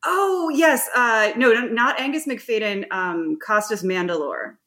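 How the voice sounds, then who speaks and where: A woman's voice: a little high, unhurried, bright, forceful tone. A woman co-hosting a podcast in casual chat, wry and often laughing, with frequent fillers. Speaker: podcast co-host.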